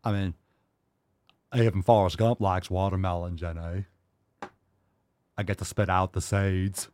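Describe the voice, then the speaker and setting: A man hosting a comedy podcast, joking in a mock-angry, sarcastic way, jumping between loud jabs and low mutters. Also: steady tone, unhurried, a little hiss or hum. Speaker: podcast host. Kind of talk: casual comedic banter.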